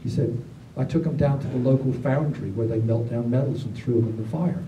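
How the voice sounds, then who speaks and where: A man, telling stories to a gathering in a casual, animated way, acting out other people's lines. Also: mid-range voice, fairly quick. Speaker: storyteller at a gathering. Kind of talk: casual spoken storytelling. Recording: roomy, distant mic, faint background noise.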